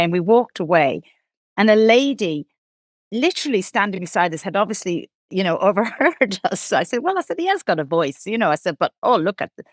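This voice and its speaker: A woman's voice: on the low side, no room sound, studio quality. A woman from Ireland, a guest in an interview, telling stories in a chatty way with lots of restarts and laughs. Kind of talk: casual interview chat.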